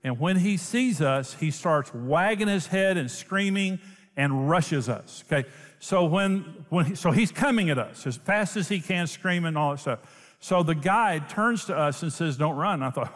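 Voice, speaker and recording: Animated man preaching in a reverberant hall. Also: fairly high pitch, normal speed. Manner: animated storytelling with laughter. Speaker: pastor. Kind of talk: sermon.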